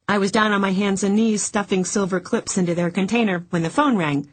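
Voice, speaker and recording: A woman narrating a first-person audiobook in a steady, even reading. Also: fairly low pitch, fairly quick, few pauses.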